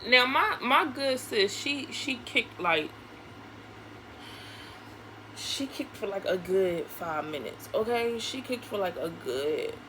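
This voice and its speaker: A young woman, telling a casual, profane story in an animated way while doing her makeup at home. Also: mid-range voice, slow. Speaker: vlogger. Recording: noisy home recording.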